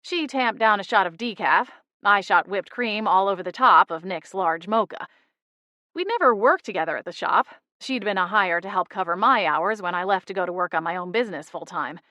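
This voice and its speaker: Bright, dry-voiced woman narrating. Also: mid-range voice, animated, normal speed, no echo. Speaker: audiobook narrator. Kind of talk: first-person scripted narration.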